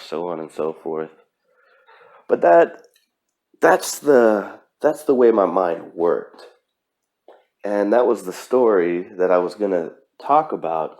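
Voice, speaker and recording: On his solo motivational podcast, a man speaks about his goals in a low-pitched, dark voice. His delivery is earnest and emphatic, with many fillers and restarted sentences.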